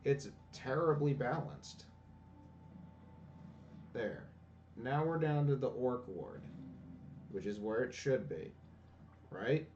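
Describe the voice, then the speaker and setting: A man's voice: mid-range voice, takes it slowly, long pauses, a little mellow, far from the mic, lo-fi sound, slight background noise. Ranting, profane man at a game. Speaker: gameplay commentator. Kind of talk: casual let's-play commentary. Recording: voice a bit off-mic, faint game music.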